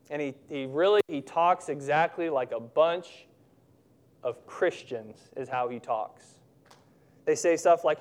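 A man preaching a sermon, earnest and emphatic, slowing down to stress key words. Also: on the high side, a little mellow, clear, resonant tone.

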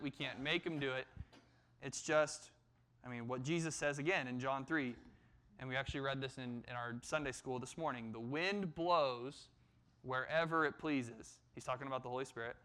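A man preaching a sermon in a smooth, resonant voice at a middling pitch. He talks in a measured way and slows down with extra weight when he quotes scripture. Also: bright, forceful tone. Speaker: pastor.

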